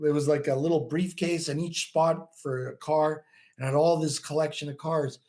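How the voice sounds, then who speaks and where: Chatty man in his fifties, a bit high. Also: normal speed. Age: 50s. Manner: chatty, animated storytelling, many "you know" fillers, laughs often. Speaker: podcast guest, bodybuilder and prep coach. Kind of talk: casual interview talk.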